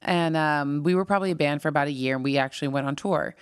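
A woman from California, a singer-songwriter guest, rambling through animated stories in a casual interview. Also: low voice, fast, clear, resonant tone, dry recording, studio quality.

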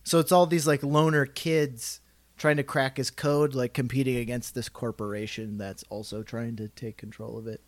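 A man's voice: medium pitch, steady tone, moderate pace. A man in casual podcast chat, explaining a book loosely with many "like" fillers.

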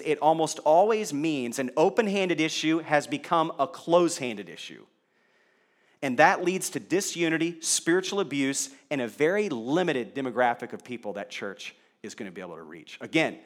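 A man's voice: a little high, expressive, normal speed. A male pastor preaching a sermon in a conversational way, asking the congregation rhetorical questions.

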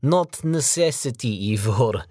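A man voicing a gruff gang boss who tries to calm things in broken English. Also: medium pitch, moderate pace, no echo, studio quality, voice pushed up, close to an everyday voice. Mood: pleading. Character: gruff male gang boss, pleading peacemaker.

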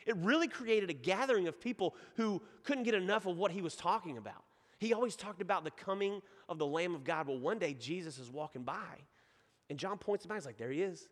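A man's voice: high-pitched, expressive, a little fast, in a large hall. A man from East Texas with a Texan accent, preaching a sermon in a casual storytelling way and joking with the congregation. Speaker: pastor.

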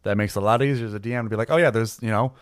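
Low-voiced rambling man running a game. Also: racing, no room sound, clean studio sound. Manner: rambling, filler-heavy, laughs easily. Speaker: game master. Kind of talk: casual tabletop planning chat.

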